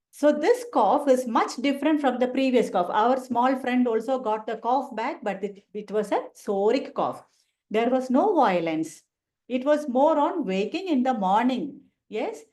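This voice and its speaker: A woman's voice: fairly high pitch, a little mellow. Woman, lecturing. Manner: conversational, tag questions, acts out patients. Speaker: homeopathy teacher. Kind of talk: lecture with case discussion.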